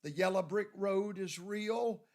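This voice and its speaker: A man from Louisiana, hosting a livestream and greeting viewers by name in a folksy, drawn-out way. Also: high voice, darkish tone. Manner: folksy, drawn-out, reads viewer names aloud. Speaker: show host.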